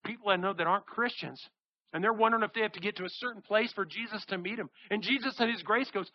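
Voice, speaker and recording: A man preaching a sermon, reading scripture and acting out the people in the story with animated delivery. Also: high-pitched, fast talker, no room sound, dull audio. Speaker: pastor.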